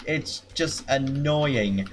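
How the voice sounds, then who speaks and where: A man's voice: medium pitch, extremely slow, a little hiss or hum. A man commentating his own gameplay, swearing nonstop and erupting into frustrated outbursts.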